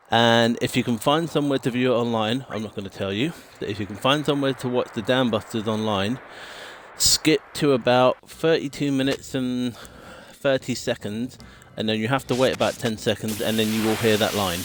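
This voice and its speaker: A man's voice: mid-range voice, slight background noise. A British man streaming a game and chatting casually in a rambling way, swearing now and then and mimicking sound clips. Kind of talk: casual chat while gaming.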